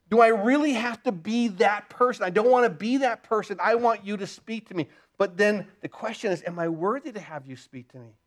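A man with a high-pitched voice delivers an earnest sermon. He repeats words for emphasis and moves between urgent, driving passages and quiet, hushed ones. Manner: earnest preaching, repeats words, rises and drops in intensity. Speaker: pastor.

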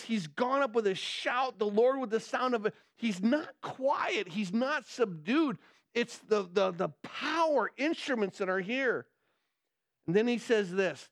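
A male pastor preaching a sermon, excitable and getting louder as he gets worked up, often restarting his words. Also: high-pitched, dry recording, clean studio sound. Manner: excitable, gets loud when excited, many repeated restarts.

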